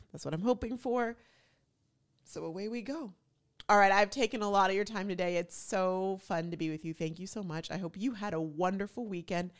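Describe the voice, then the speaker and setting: A woman with a lowish voice and a lot of vocal fry chats casually as a show host. She tells a personal story with chatty, animated energy. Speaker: podcast host. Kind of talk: casual chat.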